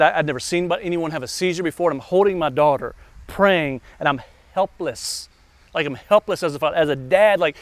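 A man's voice: fairly high pitch, no echo. A man in his forties preaching a sermon, telling a personal story with earnest, emphatic repetition. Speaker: pastor.

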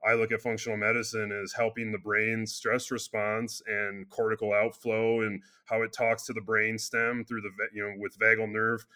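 A chiropractor being interviewed, talking earnestly in a casual conversation with loose restarts and frequent fillers. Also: male voice, lowish voice, monotone, moderate pace, hardly any pauses, bright, forceful tone. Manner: earnest, speaks in loose restarts with many "you know" fillers. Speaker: chiropractor and clinic founder.

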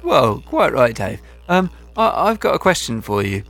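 A man's voice: medium pitch, very animated, moderate pace, fairly bright tone, soft background music. A man co-hosting a comedic chat show, talking in a wry, dry and hesitant manner. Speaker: podcast co-host.

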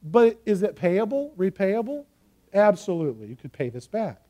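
A man preaching in an earnest, emphatic way, his voice sitting high for a man. The tone is mellow and soft-edged. He leans on key phrases, slowing down to drive them home. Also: very animated. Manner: earnest, emphatic teaching with slow stressed phrases. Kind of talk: sermon.

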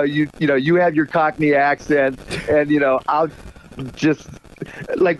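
A man being interviewed, telling a long, rambling story with lots of "you know", in casual chat. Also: a little high. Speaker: guest. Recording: dull lo-fi line with faint noise.

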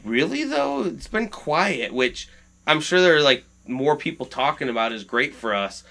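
Man, bright clear tone, casual podcast chat, rambling, swears a lot. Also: a little high, sing-song, normal speed. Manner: rambling, swears often, many restarts.

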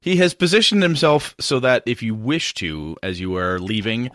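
A man's voice: medium pitch, expressive, normal speed, fairly bright tone, no room sound, studio quality. A man running a tabletop game as game master, narrating with wry humor.

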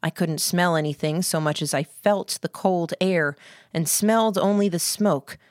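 A woman reading a novel aloud in a steady, even storytelling manner. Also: lowish voice, a little slow, no room sound, studio quality. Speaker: audiobook narrator. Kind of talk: scripted narration.

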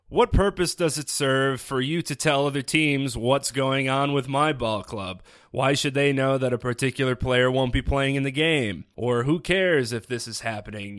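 A man's voice: mid-range voice, a bit bright, no room sound, studio quality. A man hosting a sports podcast alone, talking casually with sarcastic asides. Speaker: podcast host. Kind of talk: solo sports podcast commentary.

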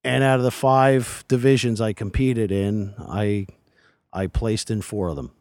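Man in his forties, low-pitched, dry close sound, earnest, rambling, casual interview chat outdoors. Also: steady tone, a little slow, darkish tone, no echo. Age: 40s. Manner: earnest, rambling with many restarts. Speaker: podcast guest. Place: outdoors at a resort by a lake.

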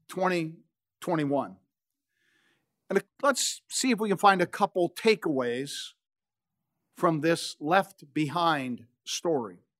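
A man in his sixties, a pastor preaching a sermon, telling the story with dramatic pauses and touches of humor. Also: high-pitched, a bit bright.

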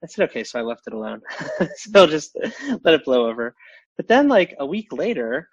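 A man's voice: fairly high pitch, big pitch swings, slightly rough, no room sound, dull audio. A man speaking as a podcast guest in casual chat, stumbling over restarts and fillers. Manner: halting, many restarts and fillers.

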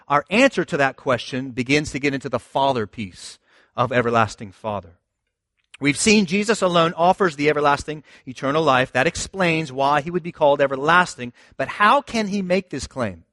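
A man's voice: a little high, a bit bright, no room sound, studio quality. A man pastor preaching a sermon in a conversational, emphatic way, often asking the listeners rhetorical questions.

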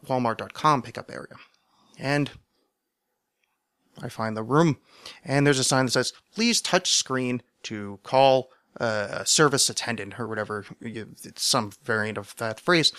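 A man hosting a podcast, telling a comic story in a sardonic, self-mocking way, with mumbled asides and loud animated bursts. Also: medium pitch, no echo, studio quality. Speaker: podcast host. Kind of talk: comedic storytelling monologue.

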